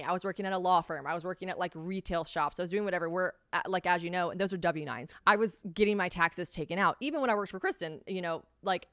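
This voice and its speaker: A woman's voice: on the low side, fairly bright tone, no room sound, clean studio sound. A woman hosting her own podcast, chatting candidly and cursing freely as she tells stories about her work. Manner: candid, profane, chatty storytelling. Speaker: podcast host. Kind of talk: casual solo podcast chat.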